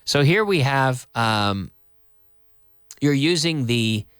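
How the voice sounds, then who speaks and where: A man's voice: mid-range voice, slow, clean tone. A Canadian man teaching English on a live stream, his voice rising and falling a lot as he explains. He restarts and rephrases often and slips into Spanish here and there. The sound is close and dry, with little room echo. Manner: animated, repeats and rephrases, mixes in Spanish. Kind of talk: live-streamed language lesson.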